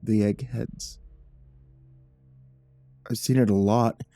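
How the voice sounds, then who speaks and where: Low, mellow-voiced male horror narrator. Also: steady tone. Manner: measured and dramatic, with nervous stammered repeats. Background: faint background music.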